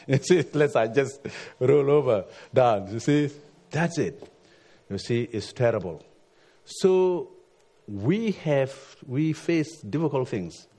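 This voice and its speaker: Halting preacher man, frequent restarts. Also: medium pitch, a little mellow. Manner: halting, repeats words, frequent "you see". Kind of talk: sermon with personal story.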